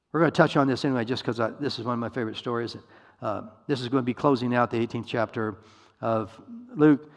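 A man's voice: medium pitch, gravelly. A man preaching a sermon, retelling a story and acting out its voices, often asking his listeners questions. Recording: long hall reverb.

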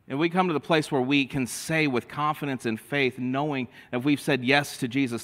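A male pastor with a mid-range, slightly bright voice preaches slowly and emphatically, drawing out key phrases and calling for responses from the congregation. A long hall reverb surrounds the recording.

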